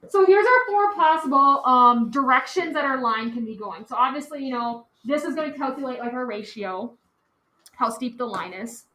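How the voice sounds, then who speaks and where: A woman's voice: sits high, normal speed, bright, forceful tone. A woman teaching a class, chatty and casual, filling her talk with "like" and "okay". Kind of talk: classroom lecture. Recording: echoey classroom, faint noise.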